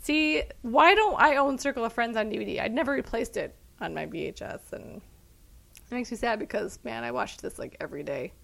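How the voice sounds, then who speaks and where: Casual podcast co-host, woman, animated delivery with plenty of vocal fry. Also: fairly high pitch. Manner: animated and chatty, quick laughs. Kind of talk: casual chat.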